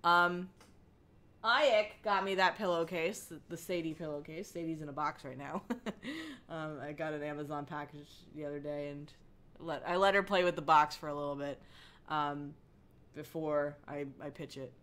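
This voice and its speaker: Bright, rambling young woman streamer. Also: sits low, fairly even intonation, clean tone. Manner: rambling, halting, with frequent ums and likes. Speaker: livestream host. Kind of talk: casual chat reading chat messages. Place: home living room, on a couch.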